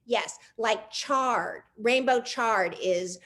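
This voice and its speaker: An older woman hosting a conversational interview, playful and animated, drawing out key words slowly. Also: fairly high pitch, a little hiss or hum. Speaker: host.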